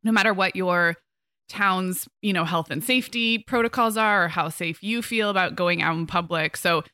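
Middle-aged lady chatting on a podcast, bright voice, talks it out with lots of ums. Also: on the low side, normal speed, dry recording. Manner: chatty, thinks aloud with fillers. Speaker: podcast co-host. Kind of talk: casual podcast chat.

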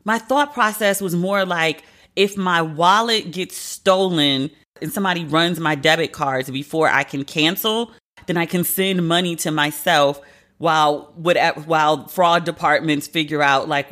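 In a casual solo monologue, a podcast host in their thirties vents with animated, profane energy. The voice sits in the mid-range.

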